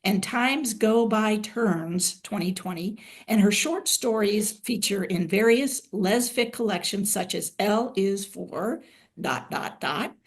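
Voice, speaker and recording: Woman podcast host, husky breathy voice, measured bio reading, chatty. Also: mid-range voice. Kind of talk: reading a guest bio, then casual chat.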